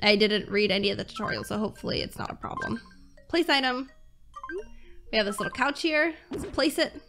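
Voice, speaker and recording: A woman's voice: fairly high pitch, expressive, fairly quick, music in the background. A young American woman giving casual, gushing commentary while playing a cozy mobile game. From United States. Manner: chatty, gushing with fillers. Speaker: gaming YouTuber.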